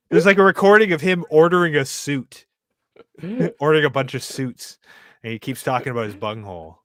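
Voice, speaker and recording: A man's voice: on the high side, moderate pace, pauses often, a bit bright, dry recording, clean studio sound. A man co-hosting a podcast in casual chat, laid-back and laughing often.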